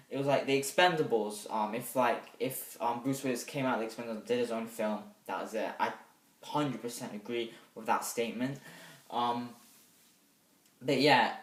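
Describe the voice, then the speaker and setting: A young man reviewing a movie in a rambling, hesitant way, with sudden loud bursts of excitement. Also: mid-range voice. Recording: echoey room, mic set back.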